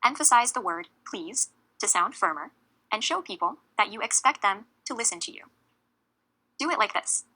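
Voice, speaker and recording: A woman narrating a scripted English lesson, speaking clearly and slowly with deliberate emphasis on key words. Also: medium pitch, lively intonation, pushed and bright, rough recording. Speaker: English teacher.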